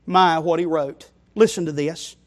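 A man's voice: on the high side, measured pace. A man preaching a sermon, speaking with emphasis, calling his listeners friend and asking them rhetorical questions. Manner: emphatic, addresses listeners as friend and child of God.

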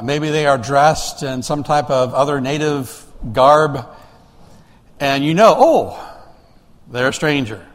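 A man's voice: medium pitch, in a large hall. A man preaching a sermon in a conversational way, asking the congregation rhetorical questions and often restarting his sentences. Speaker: pastor.

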